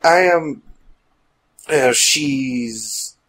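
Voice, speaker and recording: A man's voice: on the high side, very animated, normal speed, pitched above the performer's own voice. A man voicing a plain-spoken adult male adventurer in a steampunk story, blunt and matter-of-fact.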